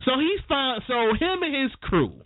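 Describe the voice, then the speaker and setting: A man hosting a morning radio show, telling stories in a chatty, animated way and laughing along. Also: extremely high pitch, moderate pace, slight background noise. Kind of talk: casual radio talk and storytelling. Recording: dry, tinny phone-like sound.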